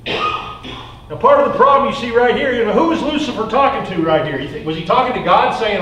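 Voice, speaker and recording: A man's voice: high voice, expressive, fairly quick, pushed and bright. A man preaching a sermon in a casual, conversational way, full of fillers, reading scripture aloud between his own remarks. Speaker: pastor. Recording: roomy echo, distant mic, faint noise.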